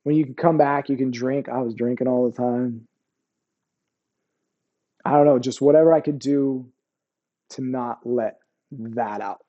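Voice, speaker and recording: A man's voice: medium pitch, steady tone, measured pace, pauses often, dull audio. A man in his forties, an Army veteran guest, telling his war stories in a rambling, profane way. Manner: profane, rambling, keeps asking "you know what I mean". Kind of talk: candid interview storytelling.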